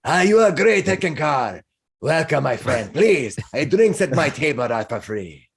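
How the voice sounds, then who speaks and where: A man voicing a boisterous, hearty male adventurer who carries a pet hamster, speaking loudly in broken English. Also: sing-song, a little slow, gravelly, breathy edge, full character voice. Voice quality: loud, booming, broken-English put-on voice.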